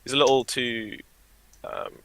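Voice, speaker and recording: A British man co-hosting a trading livestream, chatting casually and joking with a quick laugh. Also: medium pitch, steady tone, pushed and bright, poor audio. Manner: laughs often, joking banter. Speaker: livestream co-host.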